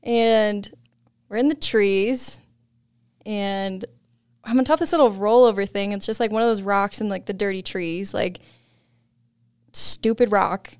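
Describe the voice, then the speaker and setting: A young woman guest on a podcast, telling a story in casual chat, laughing often and animated when quoting others. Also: medium pitch, unhurried, pauses often, clean tone, no room sound, clean studio sound.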